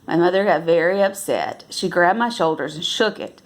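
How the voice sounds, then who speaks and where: Woman reading a novel aloud. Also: lowish voice. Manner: unhurried, with self-corrections and restarts. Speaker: reader.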